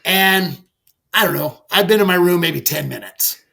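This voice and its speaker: A middle-aged man, a podcast guest, telling a story in a candid, animated way, with lots of "like" and casual swearing. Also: high voice, moderate pace, gravelly. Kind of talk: conversational storytelling.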